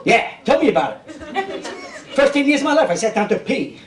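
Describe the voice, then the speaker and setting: His voice very high-pitched with big swings in pitch at a normal speed, a man in his 50s from Brooklyn, New York works a comedy club crowd with a streetwise stand-up set, checking in with them often. The club sounds echoey, the mic distant, with audience noise.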